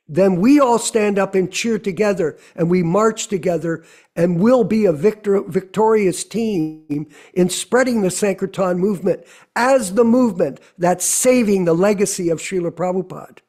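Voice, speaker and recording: A man with a high voice hosts an online devotional gathering over a video call. He talks earnestly and repeats his key phrases to press a point home. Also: moderate pace, a little mellow. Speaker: host of online devotional discussion. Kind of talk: exhortation to a video call audience.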